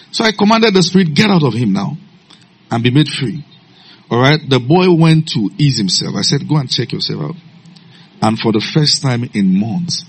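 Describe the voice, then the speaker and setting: A man preaching a sermon, telling stories in a low calm voice and breaking into loud shouted commands. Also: slightly rough.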